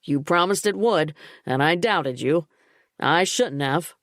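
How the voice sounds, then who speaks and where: A woman doing a measured male police detective. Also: sits low, expressive, no room sound, clean studio sound. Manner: measured and deferential.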